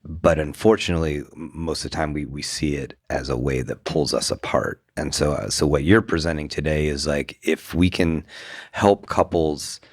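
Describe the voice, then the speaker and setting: Very deep-voiced man co-hosting. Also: normal speed, dry recording, studio quality. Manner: reflective, summarizes partner's points. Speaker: podcast co-host. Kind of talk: relationship advice conversation.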